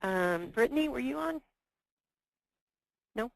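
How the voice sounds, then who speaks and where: A woman's voice: a little high, expressive, takes it slowly, gravelly, no room sound, low-quality recording. A woman leading a conference call discussion, hesitant and full of fillers and restarts. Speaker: meeting presenter.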